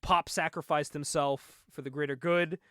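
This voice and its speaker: A young man in casual conversation, excitedly recapping a comic book, laughing often and acting out the lines. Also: fairly high pitch, moderate pace, dry recording, studio quality. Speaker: podcast co-host.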